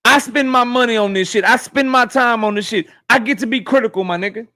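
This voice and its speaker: A man with a high voice holds forth on his livestream, and his talk is profane and animated. He addresses his chat directly in a loose, casual rant. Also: fairly quick. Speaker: boxing YouTube host.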